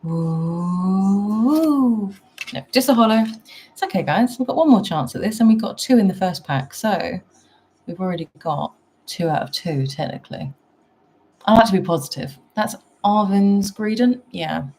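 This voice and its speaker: A woman's voice: medium pitch, expressive, a little slow, a little mellow, a little hiss or hum. A woman with a British accent chatting casually on a live stream, answering her chat and laughing at herself. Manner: chatty, self-deprecating, reads chat aloud.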